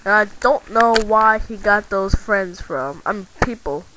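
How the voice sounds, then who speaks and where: A woman's voice: mid-range voice, animated, measured pace, bright, forceful tone, a little hiss or hum, rough recording. A woman voicing an angry male toy action figure in a home-made toy video, rambling and repeating herself. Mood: angry, ranting.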